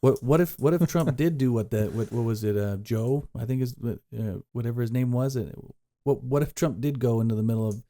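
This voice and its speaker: A man's voice: mid-range voice, a little fast, few pauses, dark tone. A man co-hosting a casual reaction chat, rambling and joking, often restarting his sentences. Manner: rambling, self-interrupting, joking. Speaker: co-host.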